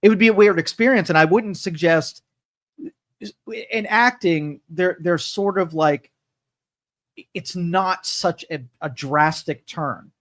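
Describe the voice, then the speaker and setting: A man's voice: high voice, slow, fairly bright tone, no echo. A man co-hosting a local talk radio show, musing and speculating in casual chat. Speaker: co-host.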